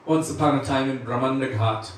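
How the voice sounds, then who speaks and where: A man giving a devotional lecture, explaining and telling a story in measured, drawn-out phrases. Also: mid-range voice, slight background noise. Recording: echoey room from far off.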